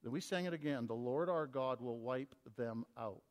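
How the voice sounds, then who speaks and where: A man preaching a sermon, swinging between loud emphatic reading and quiet, low asides to his congregation. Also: normal speed. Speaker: pastor. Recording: long hall reverb.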